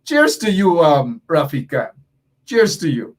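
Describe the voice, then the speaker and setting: Hosting a political talk show, this man from Guyana reads out viewer comments and responds, pressing his points emphatically and repeating them. His voice is on the high side, swinging hugely in pitch, at a measured pace.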